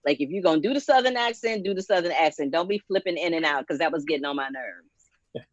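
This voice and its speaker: A woman's voice: low-pitched, expressive, fast talker, no echo, highs cut off. A woman chatting bluntly and sassily as a panelist on a soap opera recap show. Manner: sassy, blunt slangy talk. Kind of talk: casual chat.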